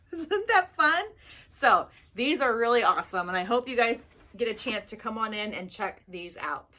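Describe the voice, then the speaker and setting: A woman's voice: a little high, expressive, measured pace, pushed and bright. A woman leading a children's story time at a library, reading aloud playfully and laughing often. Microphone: camera mic in a library room.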